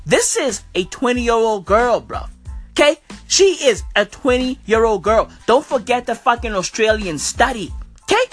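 A woman's voice: on the high side, fairly bright tone, slightly rough. Profane slangy woman ranting. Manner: profane, slangy, emphatic, keeps asking "okay?". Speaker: comedic commentator. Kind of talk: comedic rant.

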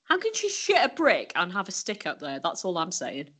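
A woman's voice: fairly low pitch, huge pitch swings, normal speed, fairly bright tone, slight background noise. A woman co-hosting a casual comedic chat who breaks in with crude wisecracks. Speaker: podcast co-host.

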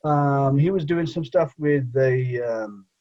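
A man's voice: medium pitch, takes it slowly. Guy from england, bengali first language, rambly chat full of you-knows, kinda muffled lo-fi audio. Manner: rambling, many fillers and "you know". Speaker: guest, engineering professor and charity founder. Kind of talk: casual conversational interview.

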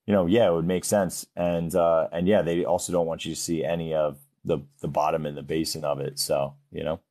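Very deep-voiced young man, rambling podcast chat. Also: flat delivery, brisk, a little mellow. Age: young adult. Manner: rambling, many fillers like "like". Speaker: podcast co-host. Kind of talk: casual chat.

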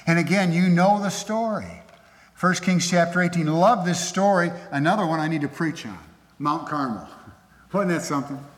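A pastor preaching a sermon in an emphatic, conversational way, from a church sanctuary. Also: male voice, a little high, fairly bright tone. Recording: echoey hall with long reverb.

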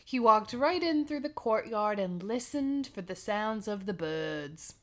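Woman reading a fairy tale on a podcast, laughs a lot, swears, slow and singsongy. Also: mid-range voice, expressive. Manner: giggly, irreverent, swears freely. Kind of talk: casual read-aloud with commentary.

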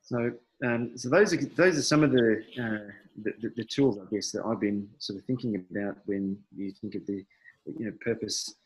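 A middle-aged man, a podcast guest, talking reflectively and hesitantly, with many pauses and restarts. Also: fairly low pitch, husky, low-quality recording. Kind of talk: reflective conversational interview.

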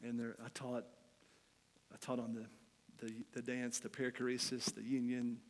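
A middle-aged man preaching a sermon, telling a candid personal story that swings between loud, animated passages and quiet, hushed ones. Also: medium pitch, normal speed, noisy background. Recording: long hall reverb.

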